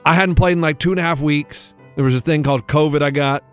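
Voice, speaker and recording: A man's voice: on the high side, fairly even intonation, fast talker, smooth, faint music behind. A man co-hosting a radio show, telling a story in casual chat and acting out the other people in it. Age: middle-aged.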